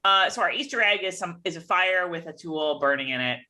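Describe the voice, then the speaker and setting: A woman's voice: lowish voice, expressive, sharp tone. A woman co-hosting a casual TV episode recap, chatty and retelling scenes. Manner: chatty, recounts scenes with quick put-on voices. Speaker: podcast co-host.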